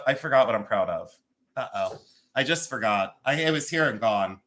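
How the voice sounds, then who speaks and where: A man's voice: medium pitch, animated, normal speed, a bit bright. A man in his fifties with a Cleveland accent, chatting and joking as he sells jewelry on a live stream, rambling and laughing often. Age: 50s. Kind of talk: chatty live-sale banter.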